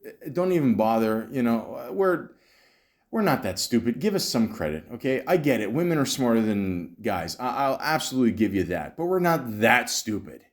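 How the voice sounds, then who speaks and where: A man's voice: mid-range voice, big pitch swings, normal speed. A man hosting a comedy podcast, ranting in exasperation and stammering often. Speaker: podcast host. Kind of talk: comedic commentary.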